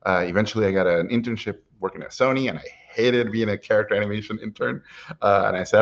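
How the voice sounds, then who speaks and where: A middle-aged man with a fairly low voice tells stories from his career in a lively, animated way, chuckling now and then. The recording sounds somewhat dull and lo-fi, with the top end muffled. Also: quick pace, vocal fry. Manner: animated storyteller, chuckles while telling anecdotes. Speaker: animation director. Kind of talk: personal storytelling talk.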